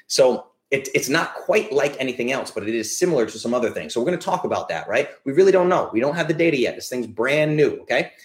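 A young man hosts a live podcast in a blunt, emphatic rant. He swears without apology and hammers his points home by repeating them. His voice sits at a middle pitch and rings in a noticeably echoey room. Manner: blunt, ranting, swears freely. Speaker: podcast host. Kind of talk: live-streamed podcast monologue. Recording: roomy echo.

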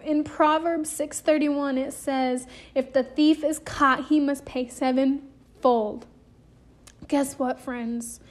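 Brief: woman, high voice, devotional podcast host, earnest and emotional, repeats phrases like a preacher. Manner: emotional, close to tears.

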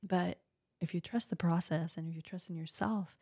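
A woman's voice: on the low side, fairly even intonation, moderate pace, darkish tone, slightly rough, dry recording. A woman from Colombia, a podcast guest, talking in an earnest, searching way with many restarts. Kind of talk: reflective conversation.

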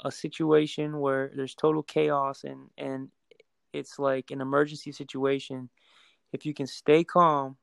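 A man telling his own story in a casual chat, earnest and calm, often repeating words as he goes. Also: fairly high pitch, gravelly, clear, resonant tone, dry recording.

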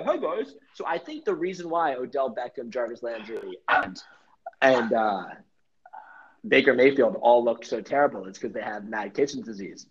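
A young man hosting a casual sports podcast, rambling through jokey theories and swearing freely. His voice is husky and slightly breathy. The recording sounds muffled and lo-fi. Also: medium pitch. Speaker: podcast host.

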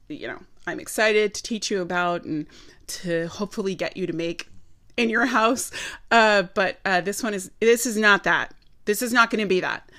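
A woman's voice: mid-range voice, fairly bright tone. A woman hosting a podcast in a casual monologue, playful and sarcastic with dramatic mock outrage. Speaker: podcast host.

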